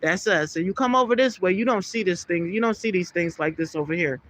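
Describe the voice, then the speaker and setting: A woman's voice: fairly low pitch, a little fast, slight background noise. A woman reading Bible passages aloud in an elevated tone and breaking off into loose, filler-laden commentary. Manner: reads archaic scripture in a lifted tone, then drops into loose asides with fillers. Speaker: scripture reader.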